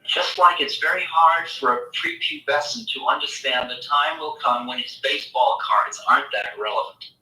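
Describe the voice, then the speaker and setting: Male spiritual teacher, animated storyteller, piercingly bright tone, distant mic. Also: mid-range voice, moderate pace. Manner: animated storytelling, acting out imagined voices. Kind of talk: spiritual lecture. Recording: echoey room, mic far off.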